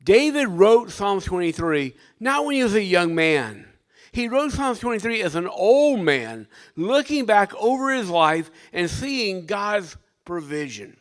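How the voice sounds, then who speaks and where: Older guy preaching, fairly high voice, gets loud then drops way quiet. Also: very animated, measured pace, no echo. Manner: dynamic preaching, swinging from loud to hushed. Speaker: pastor. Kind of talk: sermon.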